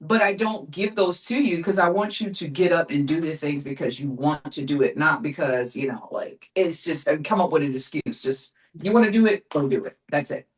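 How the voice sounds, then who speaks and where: A woman's voice: low voice, normal speed, few pauses, low-quality recording. A woman in her forties, speaking in a determined, emphatic way, full of casual fillers, in an interview. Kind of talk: casual motivational talk.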